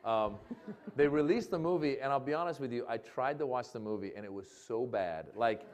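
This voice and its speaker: A man tells a comic story to a live audience at a mid-level pitch. He acts out the voices of the people in his tale. He breaks into laughter often. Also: brisk, a little mellow, slight background noise. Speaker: comedian guest. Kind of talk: storytelling on stage.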